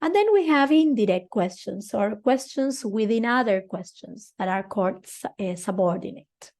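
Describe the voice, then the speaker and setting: A woman's voice: on the high side, lively intonation, normal speed, darkish tone. A woman, a Spanish speaker, teaching English grammar patiently and often checking in with "okay". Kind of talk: grammar lesson.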